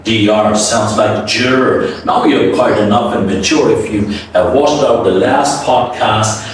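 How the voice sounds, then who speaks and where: A man teaching English pronunciation, drilling words by repeating them over and over in an animated, coaxing way. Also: on the low side, measured pace, a little hiss or hum. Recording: echoey room, voice from a distance.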